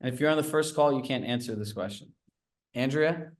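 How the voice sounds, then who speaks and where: A man leading a live coaching call on a video call, talking with quick asides and quizzing his group. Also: medium pitch. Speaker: real estate sales coach.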